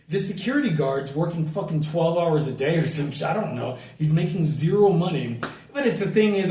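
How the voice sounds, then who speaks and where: A middle-aged man from the United States rants loudly and profanely into his camera, irritated and swearing freely. His voice sits a little high for a man. He stands off from the mic, and the sound is roomy and hollow. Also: expressive, a little fast, far from the mic. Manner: loud, profane, ranting and irritated. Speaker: vlogger. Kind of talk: profane outdoor rant to camera. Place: outdoors at dusk, bugs and a barking dog nearby.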